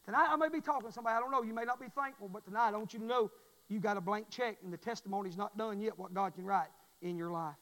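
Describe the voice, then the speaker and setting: A man preaching a fervent sermon in a church, repeating his phrases and swelling into loud pleas. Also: sits high, very fast, in a large hall, rough recording. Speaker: pastor.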